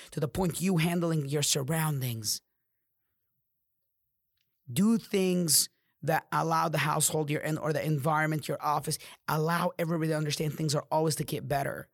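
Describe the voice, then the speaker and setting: Male podcast host, motivational rant, heavy cursing, dead-dry close mic. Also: dry recording. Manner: profane, fired-up preaching with sudden drops to low growls. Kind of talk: motivational monologue.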